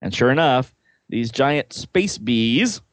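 A man's voice: mid-range voice, animated, takes it slowly, dry recording. A man casually reading comic-book dialogue aloud, adding joking asides and laughing often.

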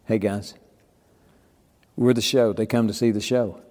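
A man's voice: on the low side, fairly even intonation, a little slow, dark tone, big-room sound. An older man telling stories in casual podcast talk, acting out quoted dialogue as he goes. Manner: folksy storyteller, acts out quoted dialogue. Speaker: podcast guest. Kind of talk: casual storytelling.

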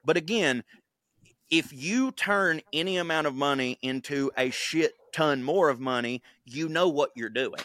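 A man co-hosting a casual podcast, telling a story in a loose and profane way. His voice is bright and forward. It sits on a dry, close mic with no room sound. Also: a little high, measured pace, no echo. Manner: profane, rambling, acts out quotes in silly voices. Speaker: podcast co-host.

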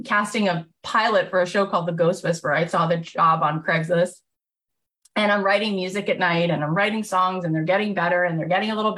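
A woman host telling a personal story in a casual, animated way, acting out the voices of people she quotes. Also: mid-range voice.

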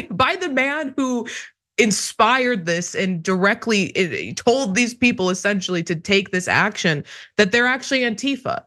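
Casting: bright-voiced woman, emphatic and sarcastic political pundit. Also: medium pitch, expressive, measured pace. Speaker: guest commentator. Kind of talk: political commentary.

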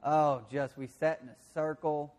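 This man from the American South speaks in a fairly high, level voice, unhurried as he preaches. His Southern-accented sermon weaves self-deprecating stories that sink into hushed confessions.

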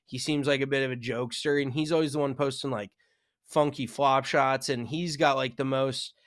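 A man's voice: medium pitch, steady tone, moderate pace, no room sound, studio quality. A man co-hosting a golf podcast, talking frankly and casually, with some swearing and self-mockery. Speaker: podcast co-host.

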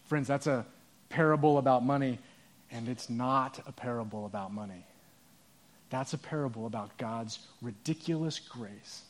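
A pastor preaching a sermon, telling a story in an earnest, conversational way. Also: male voice, mid-range voice, normal speed.

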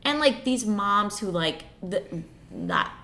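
A woman's voice: mid-range voice, lively intonation, slow, sharp tone. A woman in her thirties talking casually and personally, rambling with many fillers. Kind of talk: casual chat.

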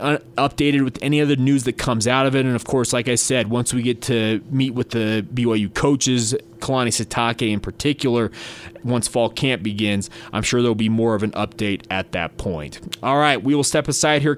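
Casting: male sports podcast host, mid-pitched voice, loose conversational delivery with fillers.

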